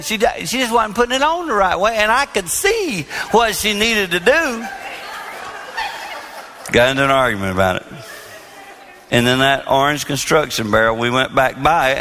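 A man's voice: high-pitched, very animated, moderate pace, in a large hall, background noise. A middle-aged man preaching on marriage, telling stories with self-deprecating humor that turn earnest. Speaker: marriage speaker and minister. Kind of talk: storytelling sermon.

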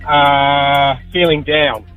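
A man calling in to a radio quiz, answering quickly and eagerly. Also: fairly high pitch, level tone, a bit bright, clear, resonant tone, faint music behind, rough recording. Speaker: caller, quiz contestant.

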